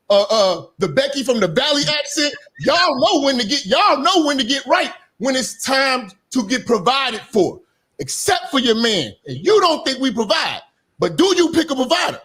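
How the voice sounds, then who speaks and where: A man's voice: very high-pitched, sing-song, normal speed, fairly bright tone, breathy edge. A man lecturing emphatically and repetitively in a heated streamed debate. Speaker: debate guest.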